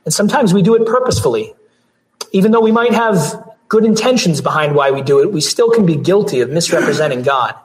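A pastor delivering a sermon, hoarse with his voice going out, earnest, with restarts and throat clearing. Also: on the high side, lively intonation, fast talker, rough recording.

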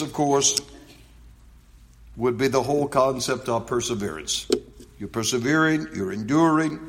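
A man preaching an expository sermon, reading scripture aloud with slow emphasis and then dropping to a quiet, reflective tone. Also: medium pitch. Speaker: pastor. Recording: long hall reverb.

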